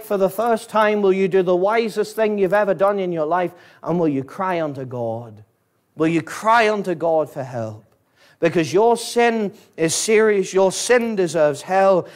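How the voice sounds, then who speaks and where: A Northern Irish man preaching with a high, ringing voice. He pleads through repeated questions, climbing to urgent peaks before sinking low and quiet. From Northern Ireland. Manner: rising to urgent high-pitched emphasis, then dropping low; repetitive, pleading rhetorical questions. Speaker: pastor. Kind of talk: fiery evangelistic sermon.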